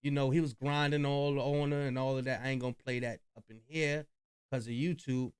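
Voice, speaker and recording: A man's voice: mid-range voice, little pitch movement, fairly quick, smooth. A man hosting a reaction video, chatting loosely with slang and profanity about clips he plays. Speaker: reaction channel host. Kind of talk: casual commentary on clips.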